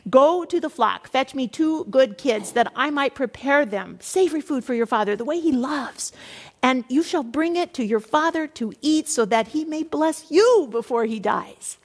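A woman's voice: sits high, expressive, normal speed. A woman doing a scheming, commanding mother. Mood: urgent. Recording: echoey hall reverb.

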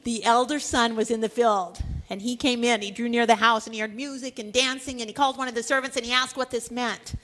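High-voiced woman preaching a lively sermon. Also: a little fast, hardly any pauses. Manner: animated storytelling, acting out quoted lines, laughs often.

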